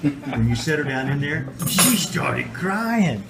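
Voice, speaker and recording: A man's voice: a little high, big pitch swings, slow pace, vocal fry, a loud crowd. An older man filming a casual home video, chatting and coaxing his baby granddaughter as he talks to her.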